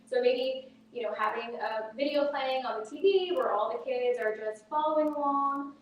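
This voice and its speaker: Woman teacher presenting a parenting workshop, slightly high voice, heard from a distance in a very echoey hall. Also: normal speed. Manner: practical, explains with everyday examples. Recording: echoey hall from far off, faint noise.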